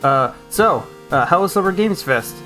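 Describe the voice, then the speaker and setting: A young man giving a sarcastic, comedic recap of gaming news, with excitable outbursts. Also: high voice, normal speed. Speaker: gaming YouTuber. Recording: music playing under the voice. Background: music.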